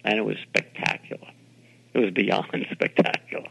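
An older New York City man, a television producer, is being interviewed and tells animated anecdotes, imitating the voices of people he quotes. His voice is on the low side and gravelly, at normal speed. The audio quality is poor.

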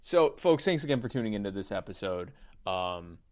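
A man's voice: on the low side, big pitch swings, moderate pace, a loud crowd. A man co-hosting a podcast, wrapping up the show in a jokey, rambling way. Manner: jokey, rambling, auctioneer patter. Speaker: podcast co-host. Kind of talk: casual show outro chat.

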